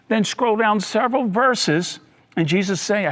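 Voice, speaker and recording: High-voiced pastor preaching with dramatic swings. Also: male voice, moderate pace, fairly bright tone. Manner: dramatic, swings between high emphatic bursts and low dropped lines; repeats key lines for emphasis. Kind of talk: sermon.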